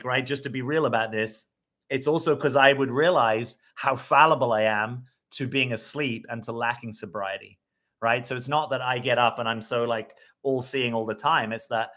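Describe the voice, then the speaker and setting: A man's voice: medium pitch, fairly even intonation, normal speed, sharp tone. Reflective male coach talking live. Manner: reflective, conversational, often checks in with "right?". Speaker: dating coach. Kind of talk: live-stream talk answering viewer comments.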